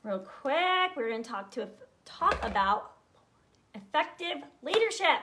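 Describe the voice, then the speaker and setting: A high-voiced woman in her thirties leads a live video training for her sales team. She talks straight to viewers, fired up and earnest, urging them on. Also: big pitch swings, a little slow, background noise.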